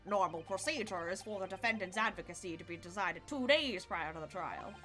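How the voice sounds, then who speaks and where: A woman voicing an old male courtroom judge in a game, speaking slowly and formally in a lowered voice. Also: pushed and bright, faint music behind, lightly acted.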